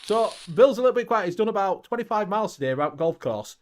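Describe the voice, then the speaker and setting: A man's voice: sits high, animated, quick pace, darkish tone. A man hosting a live stream, reading viewer questions aloud with lots of ums and laughter. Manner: reads chat aloud, lots of fillers and laughs. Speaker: stream host. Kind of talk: casual live-stream chat.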